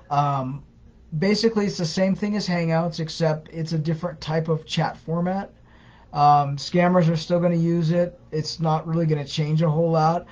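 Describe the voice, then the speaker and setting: A woman answers questions on a casual live stream in a chatty, halting way, stumbling over her words and filling gaps with ums. Her voice comes through dull and muffled. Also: deep voice, darkish tone. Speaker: co-host of a scam-awareness page.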